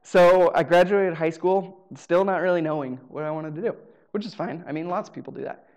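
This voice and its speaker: A man's voice: fairly high pitch, a little fast, a little mellow. A man telling a personal story on stage in a casual, humorous way. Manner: casual, humorous, acts out dialogue. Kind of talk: live storytelling. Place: live show venue.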